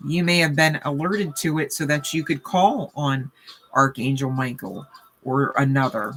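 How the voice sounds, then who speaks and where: Woman tarot reader, bright forward tone, rambling chatty delivery full of check-ins. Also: a bass voice, steady tone, unhurried, breathy edge. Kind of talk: casual spiritual reading talk.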